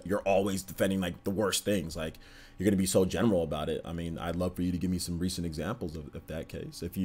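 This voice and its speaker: Calm, monotone low-voiced man. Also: slightly rough. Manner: repeats phrases and fillers, talks to chat directly. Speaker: livestream host. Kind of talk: casual livestream chat.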